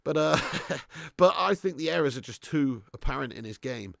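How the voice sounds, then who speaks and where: Excitable man, watch-along host. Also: fairly high pitch, moderate pace, gravelly, no room sound, clean studio sound. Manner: excitable, swears, reads viewer messages aloud. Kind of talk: live match commentary and chat.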